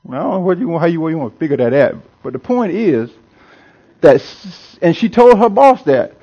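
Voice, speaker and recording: A man preaching from the pulpit in a high, sing-song voice that swoops all over. He leans hard on his words and says key phrases twice. He chuckles often as he talks to his congregation. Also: animated, brisk, dark tone, husky, muffled recording. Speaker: pastor. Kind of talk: sermon.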